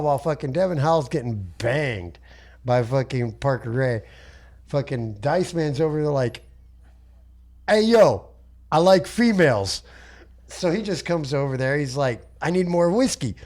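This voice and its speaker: A man's voice: mid-range voice, a little mellow. Man telling a rambling profane story. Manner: rambling, heavy swearing. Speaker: podcast co-host.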